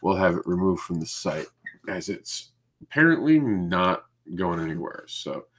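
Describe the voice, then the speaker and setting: A man's voice: low voice, sing-song, measured pace, a bit bright. A man hosting a live indie comics news show, chatting casually, stumbling over names and laughing at his own slips. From Ireland.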